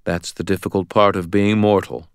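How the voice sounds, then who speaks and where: An audiobook narrator voicing a calm, cryptic male archangel who speaks in measured, solemn pronouncements. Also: low voice, clear, resonant tone, no room sound, voice pushed up.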